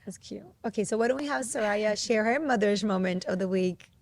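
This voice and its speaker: A woman co-host chimes in with short, supportive remarks in a casual podcast chat. Her voice has a gravelly fry at a middle pitch. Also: brisk. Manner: brief, supportive interjections.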